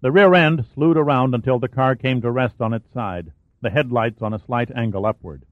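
A man reads a thriller aloud in a steady, dramatic narrating voice of middle pitch. The sound is dry and close, squeezed into a narrow, phone-like band. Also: moderate pace, dry recording. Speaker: audiobook narrator.

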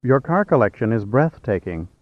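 A man voicing a confident, flirtatious adult woman with a direct, brisk manner. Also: medium pitch, big pitch swings, dry recording, lightly acted. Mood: teasing. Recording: slightly dull, dry.

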